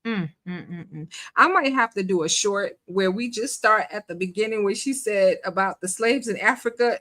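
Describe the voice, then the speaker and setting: Bright, sassy woman live-streaming. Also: mid-range voice. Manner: sassy, colloquial, laughing often, mocking asides. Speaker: livestream host. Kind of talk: live commentary on a phone call.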